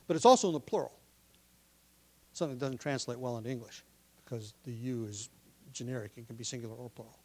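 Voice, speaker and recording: A pastor preaching a sermon, explaining the text from his notes and pressing his listeners with forceful questions. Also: medium pitch, fast talker, husky. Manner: teaching from notes, explains word meanings.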